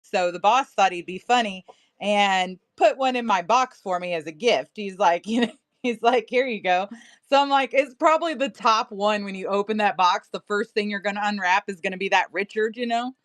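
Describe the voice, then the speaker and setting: A woman's voice: mid-range voice, normal speed, a bit bright. A woman in her thirties selling crystals on a livestream, chatting casually and laughing often. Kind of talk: casual live-sale chat.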